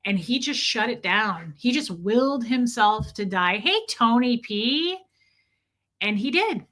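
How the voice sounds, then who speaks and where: A woman's voice: on the high side, animated, slow, a bit bright. A young woman hosting a livestream, casually telling a personal story and breaking off to answer chat comments. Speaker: livestream host.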